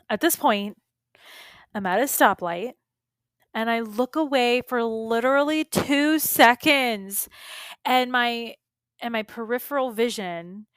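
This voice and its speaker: A woman's voice: on the high side, a bit bright, clean tone, no room sound. A middle-aged woman hosting her own podcast, casually and animatedly telling a personal story with lots of fillers and asides. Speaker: podcast host and beauty business coach.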